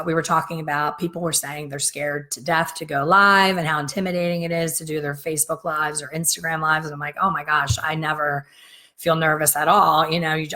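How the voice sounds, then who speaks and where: A middle-aged woman with a slightly raspy voice tells a long, rambling story straight to her viewers. She talks casually and acts out the lines of the people in her story. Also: low-pitched, fairly bright tone. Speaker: hair colorist and business coach. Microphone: facing camera, talking straight to viewers.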